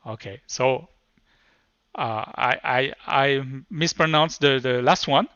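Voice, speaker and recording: A man with a thick French accent presents at a tech conference, his explanations halting and full of restarts. His voice is bright and forward, heard dry and close with a slightly dull, muffled tone. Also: medium pitch, smooth, no echo. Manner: hesitant, stop-start explaining. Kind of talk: live technical presentation.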